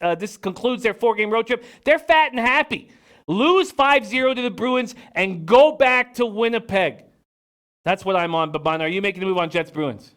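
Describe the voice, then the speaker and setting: Man, high-pitched, smooth crisp voice, betting show host, animated, mock-angry chatter. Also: moderate pace. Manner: animated, mock-angry, rattles off chat names. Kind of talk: live-stream betting chat.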